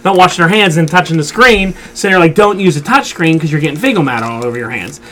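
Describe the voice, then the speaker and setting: A man hosting a casual chat show, telling an animated story with a lot of swearing. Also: on the high side, fast, a little hiss or hum. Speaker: podcast host.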